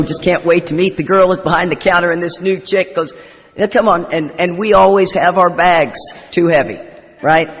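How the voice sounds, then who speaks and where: A middle-aged woman telling humorous, self-deprecating stories at a recovery convention, rambling as she goes. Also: low-pitched. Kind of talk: storytelling recovery talk. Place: convention hall. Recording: live talk in echoey hall.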